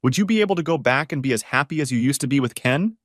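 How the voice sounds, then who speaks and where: A man playing a calm, thoughtful woman friend. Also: medium pitch, no echo, clean studio sound, voice pushed up, close to an everyday voice. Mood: probing. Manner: measured, probing.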